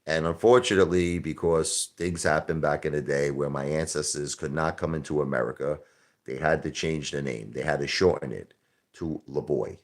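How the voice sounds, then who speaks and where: A man hosting a casual live stream, talking in a brash, combative rant. His voice sits very low. He hammers his points by repeating them. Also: normal speed.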